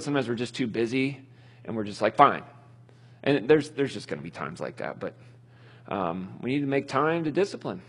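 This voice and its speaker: Husky, animated man teaching parents. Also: medium pitch. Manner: casual, anecdotal, laughs at own stories. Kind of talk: conversational Bible-based teaching.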